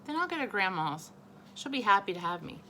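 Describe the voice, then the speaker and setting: A woman's voice: mid-range voice, sing-song, fairly quick, fairly bright tone, a little hiss or hum, low-quality recording. A woman reading aloud and voicing an exasperated, sulky older brother. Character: annoyed older brother, young boy.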